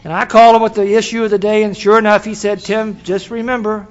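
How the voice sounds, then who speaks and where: A man's voice: sits high, flat delivery, very fast, clean tone. An older man telling his story to a recovery meeting in a folksy, storytelling way, laughing now and then. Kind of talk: personal testimony. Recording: dull lo-fi recording.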